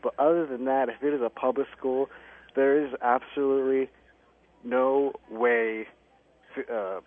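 A man's voice: mid-range voice, steady tone, a little slow. A man calling in to a radio talk show, arguing emphatically, heard over a tinny phone line. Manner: emphatic and argumentative. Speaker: caller. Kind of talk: call-in radio debate. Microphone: telephone.

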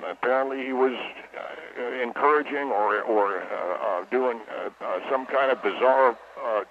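Casting: jittery, stammering male caller, tinny phone line with faint hiss. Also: mid-range voice. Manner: nervous, stammering, halting.

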